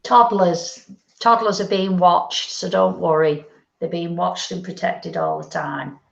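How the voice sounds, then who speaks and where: A woman medium giving a gentle, unhurried psychic reading, relaying messages. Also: on the low side, steady tone, vocal fry. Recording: lo-fi echoey stream audio.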